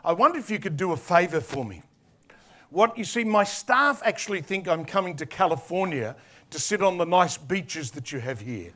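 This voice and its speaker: A man with an Australian accent talks to a conference crowd in a chatty, playful way, full of asides. His voice sits noticeably high for a man. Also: animated, normal speed, bright, forceful tone. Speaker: conference speaker. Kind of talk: casual, joking presentation. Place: conference hall with an audience.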